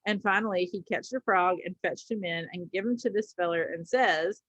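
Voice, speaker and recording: A woman's voice: lowish voice, normal speed, hardly any pauses, a bit bright, dry recording, muffled recording. A woman teacher reading a story aloud to a class, with casual asides and small slips.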